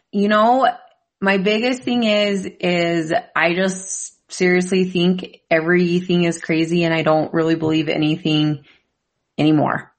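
A woman in casual chat, dropping wry, joking remarks. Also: on the low side.

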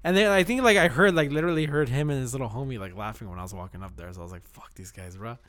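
A man's voice: medium pitch, rapid-fire, fairly bright tone. A young man from California, telling a profane, laughing story about his delivery driving and acting out the other people's voices. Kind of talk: casual chat.

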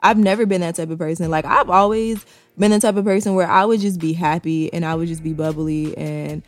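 A woman's voice: fairly low pitch, steady tone, brisk. A woman talking candidly to her viewers in a casual monologue, swearing freely and repeating key lines for emphasis.

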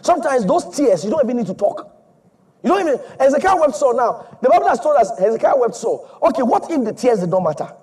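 Man preaching a sermon, high voice, lively pitch, emphatic and repetitive. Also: fast talker, slightly rough. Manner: emphatic and repetitive, swinging from loud to soft.

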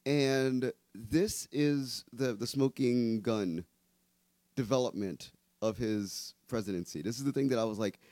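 A man's voice: mid-range voice, unhurried, warm tone, dry recording. A man hosting a political talk show, making emphatic points at length with many restarts. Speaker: host.

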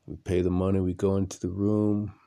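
A man with a very low, gravelly voice and a dark, mellow tone tells a rambling story for his podcast. He speaks slowly and bluntly, repeating phrases for effect, from a room at home at night. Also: little pitch movement. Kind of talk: casual storytelling monologue.

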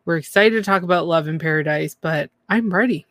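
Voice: mid-range voice, a little fast, no echo, studio quality. A podcast co-host giving a casual, chatty recap of a reality TV episode, often slipping into mocking impressions of the cast. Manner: chatty, lively, mimics cast members mockingly.

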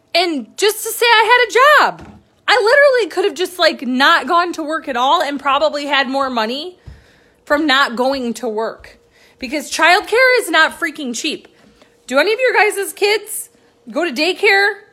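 Brief: young woman, slightly high voice, chatty vlog storytelling, swings from hushed to excited. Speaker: mom sharing her work-from-home story. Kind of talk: casual talk to camera.

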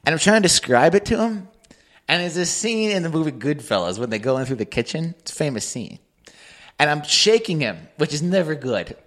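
A man co-hosting a podcast, telling a story in an animated way and acting out the people in it. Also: on the high side, a little fast. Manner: animated, acts out voices in his stories. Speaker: podcast co-host. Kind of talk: casual anecdotal storytelling.

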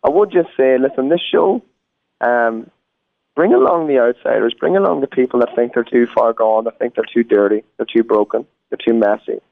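A man's voice: medium pitch, normal speed, vocal fry, no echo. An Irish man, a guest musician, talking earnestly in a phone interview. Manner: earnest, preacherly. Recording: tinny phone line.

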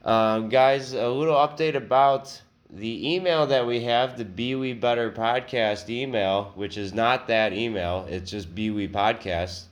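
A man's voice: mid-range voice, unhurried, hardly any pauses. A man hosting a comedy podcast, talking casually in a crude, rambling, self-mocking way. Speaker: podcast host.

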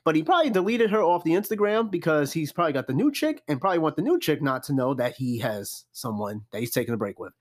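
A man's voice: a little high, quick pace, few pauses. A young man hosting a casual solo podcast, giving blunt, profane advice on listener questions. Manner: blunt, animated, profane, repeats "I'm gonna tell you right now".

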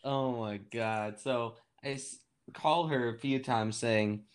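A man's voice: mid-range voice, steady tone, slow, smooth. A young man co-hosting a podcast, teasing a friend while telling a laughing, casual story. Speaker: podcast co-host. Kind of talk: casual chat.

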